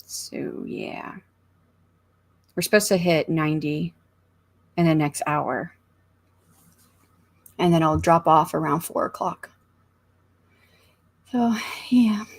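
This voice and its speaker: A woman's voice: low voice, flat delivery, slow, pauses often. A middle-aged American woman hosting a casual writing livestream from a room at home, chatting in a rambling, think-aloud way and reading viewer comments aloud. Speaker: author livestream host.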